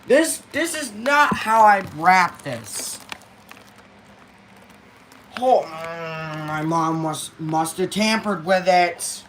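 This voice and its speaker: A young man talks slowly into a camera in his bedroom, rambling and getting heated as he complains. The recording has a faint hiss and occasional clicks behind his voice. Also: high-pitched, animated, fairly bright tone. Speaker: vlogger. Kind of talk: casual home vlog. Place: bedroom at home.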